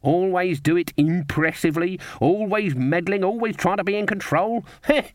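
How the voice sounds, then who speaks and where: A man voicing a stern, proud older witch in an audiobook, sharp and scolding. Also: high-pitched, normal speed, no room sound, studio quality, voice pushed up, natural voice. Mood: irritated. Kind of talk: audiobook character voice.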